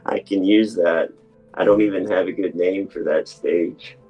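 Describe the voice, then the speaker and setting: A man co-hosting a casual podcast chat, speaking in an unhurried, thoughtful way with an occasional dry chuckle. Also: deep voice, fairly even intonation, breathy edge, dull audio, soft background music. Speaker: podcast co-host.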